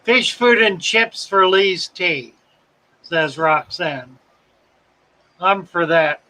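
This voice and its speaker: A man from South Carolina hosts a live stream in a relaxed drawl. His voice sits high and bright, and he talks slowly while chatting through viewer comments. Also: poor audio. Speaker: host of a live fish-keeping stream. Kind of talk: casual live-stream chat reading comments.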